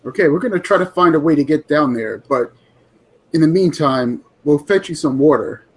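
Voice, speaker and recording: A man playing a tabletop game, asking calm, coaxing questions in character. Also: fairly high pitch, moderate pace, breathy edge. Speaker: player.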